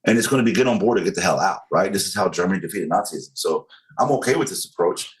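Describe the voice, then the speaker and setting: Low-voiced blunt man. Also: expressive, quick pace, low-quality recording. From Southern United States. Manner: blunt, emphatic, profane, speaks in analogies. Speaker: podcast guest. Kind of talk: casual conversation.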